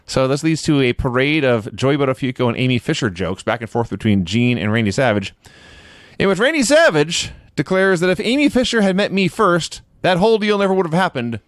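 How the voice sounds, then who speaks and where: A man's voice: high-pitched, dry recording. A man co-hosting a podcast, recapping matches in a dry, wry storytelling way and laughing now and then. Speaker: podcast co-host. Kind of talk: casual chat recapping shows.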